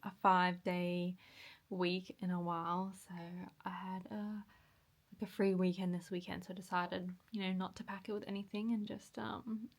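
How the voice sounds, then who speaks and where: A woman vlogging in a casual chatty way, with frequent ums and soft half-whispered asides, in a morning voice. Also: on the low side, little pitch movement, moderate pace. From Australia. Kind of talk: casual vlog chat.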